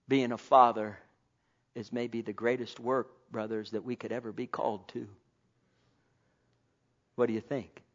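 A man preaching a sermon to his congregation, fervent, swinging between loud exhortation and low, quiet asides. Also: gravelly, lo-fi sound.

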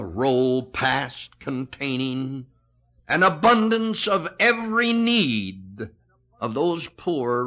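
A man preaching a sermon, slow and emphatic, rising and falling sharply in pitch and loudness.

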